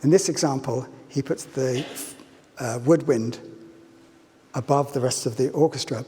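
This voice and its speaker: Here the lecturer's voice sits in the mid-range with a dark tone, against slight background noise. Playful and fond of questioning his audience, he speaks in a lecture hall whose reverb and faint ambience come through.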